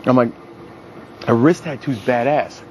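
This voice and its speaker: A young man chatting casually with a group and recounting wild nights out. His tone is crude and lively, and he jumps up in pitch whenever he acts out what someone said. A faint hiss of room noise sits under his voice. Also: unhurried, rough recording. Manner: animated, profane, acts out quotes in a raised voice. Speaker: reality show contestant. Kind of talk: casual storytelling.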